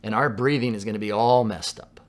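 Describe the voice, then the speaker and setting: A man with a fairly low voice delivers a sermon in an easy, conversational tone. He is from Southern California and sometimes drops to a soft hush when he quotes someone. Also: brisk. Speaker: pastor.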